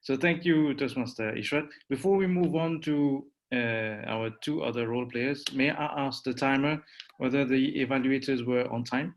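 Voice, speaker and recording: A man's voice: mid-range voice, moderate pace. A man chairing a club meeting, introducing speakers with many fillers and light jokes.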